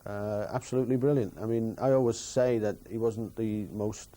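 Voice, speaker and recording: A man's voice: fairly low pitch, fairly even intonation, moderate pace, dark tone. A former player in a documentary interview, recalling his manager and acting out quoted speech. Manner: anecdotal, acts out quoted speech.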